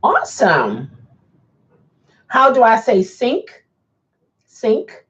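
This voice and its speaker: Woman, casual live-stream chat, unhurried talk, dull lo-fi sound. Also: a little high, wildly swooping pitch, a bit bright. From Baltimore. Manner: chatty, reads comments aloud, laughs often. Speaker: rideshare driver and live streamer.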